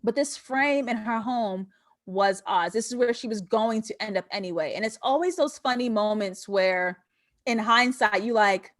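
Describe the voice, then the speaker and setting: A woman's voice: fairly high pitch, moderate pace. A young woman hosting a live film breakdown, chatting casually and profanely with her viewers and laughing often. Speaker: host of a film breakdown show. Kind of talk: casual live-stream commentary.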